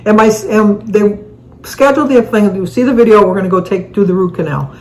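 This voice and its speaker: A woman's voice: mid-range voice, fairly quick, darkish tone, low-quality recording. Woman in her 70s, casual chat, rambling storyteller, laughs through her stories. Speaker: co-host. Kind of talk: casual chat answering viewer questions.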